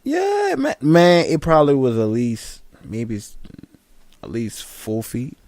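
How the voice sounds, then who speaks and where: A young man spins slangy, animated stories in casual chat, his pitch swinging widely. The recording is dry and close, with no room sound. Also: slow, no echo. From Southern United States. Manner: animated, slangy storyteller who laughs often.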